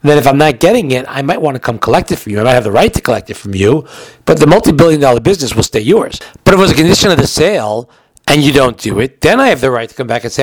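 A man's voice: medium pitch, animated, very fast, dry recording. A man giving a recorded halacha lesson in a chatty way, explaining with everyday examples, and he has the hiccups. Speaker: Torah teacher.

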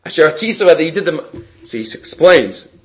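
A man teaching a daily Talmud class, reading lines aloud and explaining them with lively rhetorical questions and frequent restarts. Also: on the high side, brisk, lo-fi sound.

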